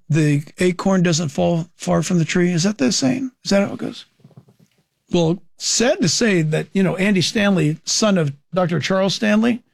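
High-voiced man preaching against false teaching. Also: gravelly, dry recording, clean studio sound. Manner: emphatic, poses and answers his own questions. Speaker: Christian commentator.

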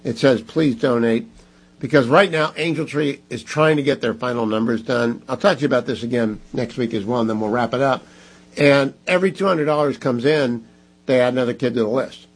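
A man's voice: mid-range voice, brisk, breathy edge, rough recording. A man hosting a talk radio show, speaking emphatically and pressing listeners to give. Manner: emphatic, pleading and scolding listeners.

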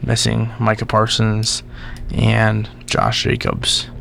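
A young man co-hosting a college radio sports show, blunt and quick to disagree in casual chat. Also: lowish voice, completely flat delivery, gravelly, fairly bright tone, a little hiss or hum.

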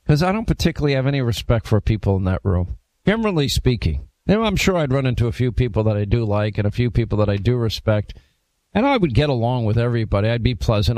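Animated talk-radio host, man. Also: medium pitch, dry recording. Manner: animated storyteller acting out quotes. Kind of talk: casual talk show banter.

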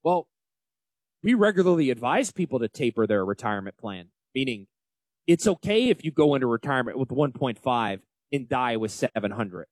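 A man in his forties with a Northern US accent, hosting a casual financial talk radio show in an animated, emphatic and folksy way. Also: medium pitch, normal speed, dry recording. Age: 40s. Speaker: financial advisor radio host.

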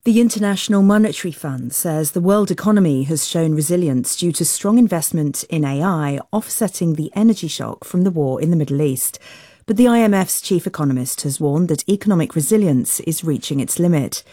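A woman newsreader delivering a formal, measured news bulletin. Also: low-pitched, animated, dark tone, dry recording, studio quality.

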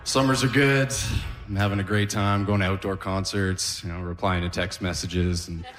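A man's voice: sits low, fairly even intonation, moderate pace, a bit bright. A man doing a stand-up set on a live stage with a dry, laid-back delivery. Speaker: stand-up comedian. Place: live comedy stage with audience.

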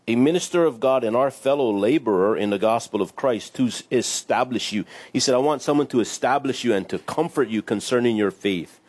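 A man preaching in a relaxed, chatty way. He reads scripture aloud and slips into playful little voices, laughing along. His voice sits at an ordinary middle pitch. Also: fairly quick, hardly any pauses, breathy edge. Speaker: pastor. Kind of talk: casual sermon with scripture reading.

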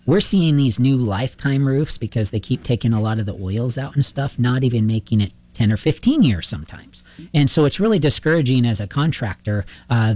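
A man, a roofing contractor, telling a long anecdote in a casual interview and acting out both sides of the conversations. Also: medium pitch. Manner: animated anecdotal storyteller, acts out dialogue.

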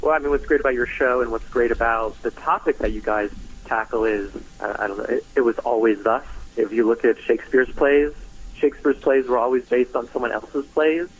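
A man's voice: medium pitch, steady tone, brisk, husky, low-quality recording. A male guest in casual chat, musing and correcting himself as he goes.

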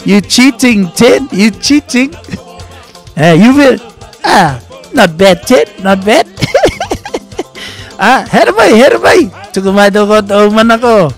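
Playful high-voiced man radio host. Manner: playful, teasing, code-switching. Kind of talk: casual radio talk with a listener quiz.

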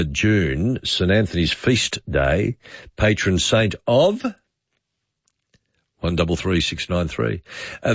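A man's voice: on the low side, no echo. A man hosting overnight talkback radio, chatty and rambling as he muses aloud to callers. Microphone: studio microphone. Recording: dull dry studio sound.

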